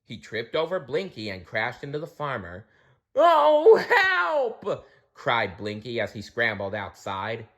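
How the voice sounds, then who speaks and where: A man reading a children's storybook aloud, expressive, with small slips and restarts. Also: fairly low pitch, moderate pace, few pauses.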